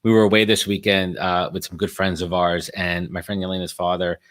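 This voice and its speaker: Fast-talking man hosting a live podcast. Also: sits low, level tone, a bit bright. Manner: fast, chatty and enthusiastic. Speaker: podcast host.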